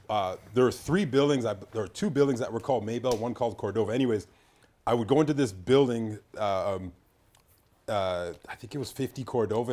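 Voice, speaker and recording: Low-voiced man telling a rambling story. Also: darkish tone. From Canada. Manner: rambling storyteller with many restarts. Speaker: podcast guest. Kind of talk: casual podcast chat.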